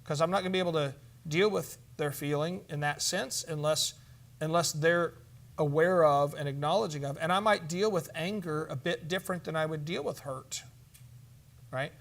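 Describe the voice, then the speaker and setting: A man's voice: a little high, moderate pace, a bit bright. A man teaching a church conference session, speaking emphatically, asking the room questions and acting out sample counseling exchanges.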